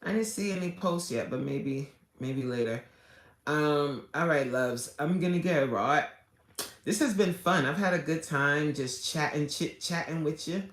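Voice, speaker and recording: A woman, chatting casually and animatedly with viewers on a live stream from her car, laughing often and swinging between loud and soft. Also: low voice, a little slow, reverberant. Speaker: livestream host chatting with viewers.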